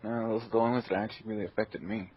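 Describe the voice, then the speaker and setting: A man's voice: lowish voice, fairly even intonation, racing, husky, lo-fi sound. A man joining a casual chat over an online call, wry and offhand. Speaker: panelist.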